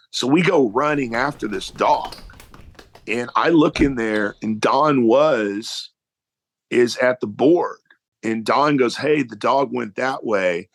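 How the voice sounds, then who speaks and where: A man's voice: medium pitch, vocal fry. A man, a guitarist, telling a backstage anecdote in a loose, swearing storyteller's way. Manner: animated storyteller, salty language. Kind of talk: casual anecdote.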